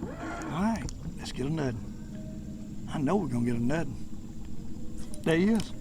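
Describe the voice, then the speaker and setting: An older man with a Southern US accent, chatting casually to the camera while fishing from a boat, folksy and prone to excited exclamations. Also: a little high, unhurried. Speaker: fishing vlogger. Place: outdoors on a boat on a lake. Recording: outdoor background noise on a lake.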